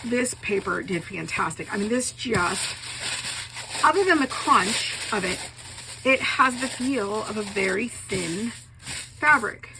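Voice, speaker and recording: A woman's voice: medium pitch, takes it slowly. A woman showing off her handmade paper in a casual craft video, gushing with enthusiasm and a little choked up with a cough. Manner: enthusiastic, gushing, repeats praise words. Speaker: craft vlogger, bookbinder. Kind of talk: casual show-and-tell. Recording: steady background noise.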